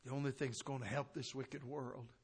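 A man preaching a sermon, impassioned, swinging from shouted declarations down to quiet, low storytelling. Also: level tone, brisk, breathy edge. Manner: impassioned, rising to shouts then dropping low.

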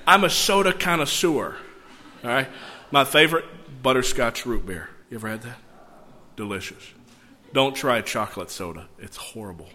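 Bright-voiced preacher in a reverberant church. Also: male voice, mid-range voice, normal speed, a little hiss or hum. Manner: animated, conversational asides between readings. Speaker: pastor. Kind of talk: sermon with scripture reading. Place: church sanctuary. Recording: long church hall reverb.

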